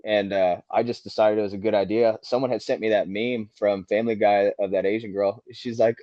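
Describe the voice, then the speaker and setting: A man's voice: lowish voice, steady tone, a little fast, warm tone, dry recording. A man, a race car driver who is a podcast guest, telling a story casually with lots of swearing, and acting out heated quotes. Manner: profane, rambling, acts out heated quotes. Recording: dull dry lo-fi sound.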